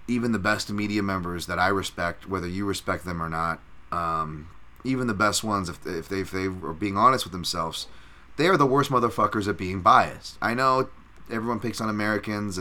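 Male podcast host, low voice with a sharp bright edge, casual and profane, rambling. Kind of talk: solo podcast fight analysis.

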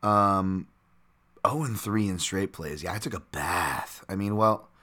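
A man hosting his own podcast with a raspy voice, rambling casually with fillers and self-corrections. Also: deep voice, measured pace, sharp tone. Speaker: podcast host.

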